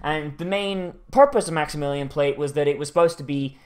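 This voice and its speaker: Male reaction host, slightly high voice, rambling and sweary, lots of restarts. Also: fairly quick, a little mellow. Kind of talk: casual profane commentary.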